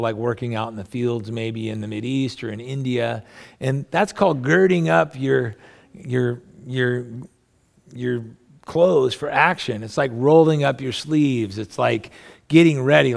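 A man's voice: mid-range voice, gravelly. A middle-aged man giving a conversational sermon as a pastor, rambling and folksy, with plenty of asides. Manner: rambling, folksy, with family anecdotes and many asides.

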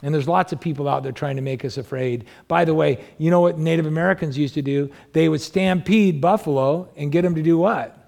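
A pastor preaches a sermon conversationally, asking the congregation rhetorical questions and raising his pitch to drive his points home. His voice is creaky and darkish in tone, brisk, with few pauses.

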